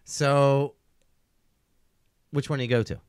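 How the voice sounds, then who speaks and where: A man's voice: mid-range voice, fairly even intonation, slow pace, clean tone, no echo. A man hosting a podcast, leading loose, joking banter with questions. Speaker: podcast host. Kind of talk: casual chat.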